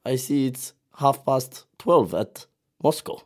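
A man putting on a mock Russian accent to play a stern strongman leader telling a dark joke, with slow, heavy deadpan delivery. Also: medium pitch.

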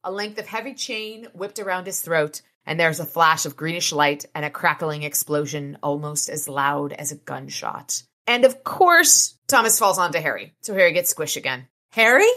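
A woman's voice: low-pitched, moderate pace, few pauses, pushed and bright. A woman podcast host reading passages from a novel aloud and retelling scenes in casual, sweary commentary, lightly voicing the characters. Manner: swears freely, switches between reading and retelling; gives characters mild voices.

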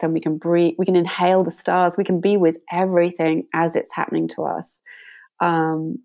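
A woman meditation teacher, a guest in an interview, telling a story in a gentle and reflective way. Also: fairly low pitch.

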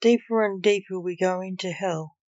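A woman, the author, reading her own story aloud in a measured, deliberate way. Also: mid-range voice, a little mellow, dry recording. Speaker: author and reader. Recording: dull lo-fi recording.

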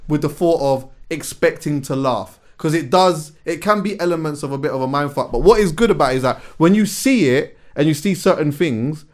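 A man co-hosting a podcast, retelling a show in animated, slangy casual chat. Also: fairly high pitch, fairly quick, hardly any pauses. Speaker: podcast co-host.

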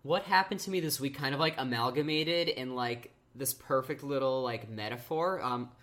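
A young man co-hosting a podcast in casual chat. He speaks in a relaxed way, filling his sentences with "like" and "um". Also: medium pitch, normal speed. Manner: relaxed, fills speech with "like" and "um". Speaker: podcast co-host.

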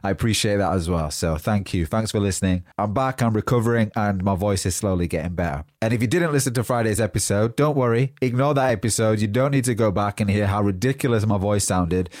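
A man's voice: lowish voice, fast, hardly any pauses, a little mellow, no room sound, clean studio sound. A man hosting a motivational podcast, speaking earnestly with a congested, blocked-nose voice. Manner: earnest, repetitive motivational phrasing. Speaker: podcast host.

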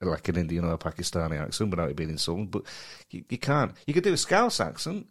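A man's voice: sits low, expressive, fast talker. A man with a Mancunian accent co-hosting a podcast, chatting casually and laughing as he tells stories. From Manchester, England. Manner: rambling, laughs while telling stories. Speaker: podcast co-host. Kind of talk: casual chat.

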